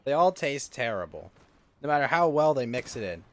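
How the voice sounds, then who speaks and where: A man's voice: medium pitch, big pitch swings, moderate pace. A man, ranting and swearing during a casual livestream chat while gaming. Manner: ranting, exasperated, swears freely. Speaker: streamer.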